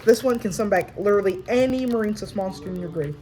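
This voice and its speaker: A woman casually explaining her card game deck, talking in a halting way with restarts and fillers. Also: mid-range voice, warm tone, low-quality recording. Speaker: tournament winner showing her deck.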